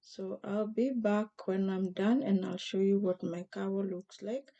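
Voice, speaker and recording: Hoarse, mellow-voiced woman chatting about crafts. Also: mid-range voice, level tone, unhurried, lo-fi sound. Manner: gentle, chatty, with frequent fillers and restarts. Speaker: crochet vlogger. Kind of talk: casual craft tutorial.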